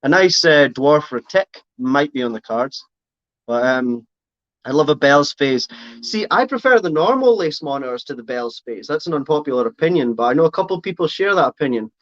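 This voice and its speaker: A man's voice: fairly high pitch, expressive, fairly quick, fairly bright tone, no room sound, dull audio. A man chatting casually on a live stream, rambling and correcting himself as he answers comments. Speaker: reptile keeper streaming live.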